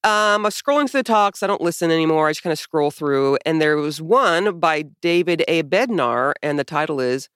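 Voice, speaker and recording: A woman's voice: deep voice, expressive, brisk, few pauses, fairly bright tone, smooth, dry recording, studio quality. A woman co-hosting a podcast in casual chat, profane, sarcastic and mocking as she reads things aloud. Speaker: podcast co-host.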